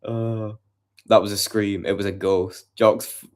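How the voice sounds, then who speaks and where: A man's voice: lowish voice, little pitch movement, a little slow, darkish tone. A man chatting casually and profanely with his livestream audience from home at night. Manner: profane, rambling banter with chat.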